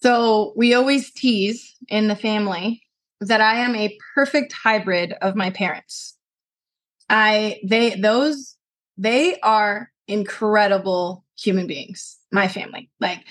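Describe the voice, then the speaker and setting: A woman's voice: mid-range voice, slow. Earnest woman telling family stories. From Colorado, USA. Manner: earnest, animated storytelling with many "like" fillers. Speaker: podcast guest, martial arts instructor. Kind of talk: casual interview talk.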